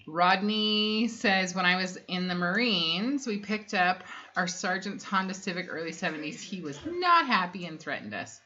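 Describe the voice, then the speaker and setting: Chatty thirtysomething lady rambling thru a family stream, lower voice but bright n sharp, dull lo-fi audio. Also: expressive, moderate pace, a little hiss or hum. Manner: chatty, rambling, many ums, reads comments aloud. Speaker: livestream co-host reading chat. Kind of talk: casual family livestream chat.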